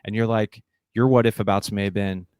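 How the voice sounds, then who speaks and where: A man's voice: fairly low pitch, fairly even intonation, a little fast, a little mellow, clean tone, no echo, studio quality. A middle-aged man who is a guest on a podcast interview. He tells stories with energy and acts out the voices he quotes. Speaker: guest, keynote speaker and leadership coach.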